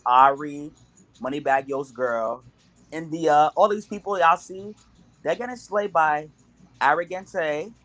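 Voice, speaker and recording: A man on a podcast panel, talking in an animated, amused way with many stammers and restarts. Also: on the high side. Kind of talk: casual podcast debate.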